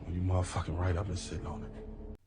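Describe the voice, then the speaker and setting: An actor playing a deep, flat-voiced TV gangster. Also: male voice, fast talker, close to an everyday voice. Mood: menacing. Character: menacing man in a TV crime drama. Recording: TV clip with music under the voice.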